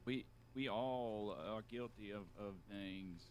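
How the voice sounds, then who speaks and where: A man plays an aging outlaw in a western roleplay game, with a lowish voice. He muses slowly in halting phrases, often restarting. The outlaw is weary and reflective. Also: steady tone, darkish tone, slight background noise. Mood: brooding. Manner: halting, many restarts, musing. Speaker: roleplay player.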